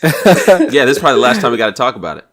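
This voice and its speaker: A man's voice: medium pitch, big pitch swings, racing, crowd noise. A man hosting a casual talk show, laid-back and teasing. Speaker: host. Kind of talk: casual podcast chat.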